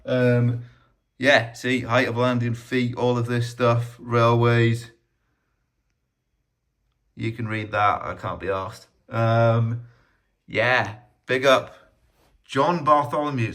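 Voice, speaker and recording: A man's voice: medium pitch, fairly bright tone. Man, laid-back chatty vlogger, mid-range voice, waffles with plenty of fillers and jokes at his own expense. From Wales. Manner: rambling, self-deprecating, chatty with many ums. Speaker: vlogger showing his map collection. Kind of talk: casual rambling show-and-tell.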